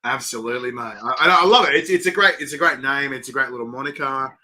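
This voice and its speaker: An Australian man hosts a casual interview with an easy, chatty manner. His voice is very bright and forceful, pitched mid-range, and he laughs often and acts out the quotes in his own stories. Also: fast talker. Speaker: host.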